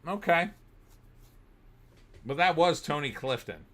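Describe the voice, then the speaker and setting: A middle-aged man, hosting a livestream and telling animated stories between reading chat comments, sometimes bursting into shouting. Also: a little high, slow pace. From New Jersey. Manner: animated storyteller, bursts into shouting when riled. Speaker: host.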